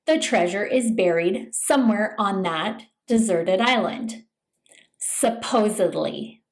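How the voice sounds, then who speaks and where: Woman, pronunciation coach reading a scripted lesson, unhurried and clearly enunciated, a bit high-pitched. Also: a little mellow, low-quality recording. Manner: slow, deliberate, careful enunciation. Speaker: English pronunciation teacher.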